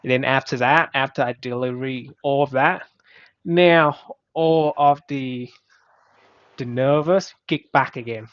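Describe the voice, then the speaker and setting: A man whose first language is Vietnamese, giving casual, halting advice in English with many restarts. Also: medium pitch. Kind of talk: casual conversation. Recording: muffled lo-fi recording.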